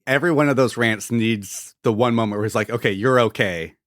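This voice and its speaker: A man's voice: medium pitch, fast talker, no echo, clean studio sound. A man co-hosting a podcast interview, enthusiastic and appreciative toward his guests. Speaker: podcast co-host.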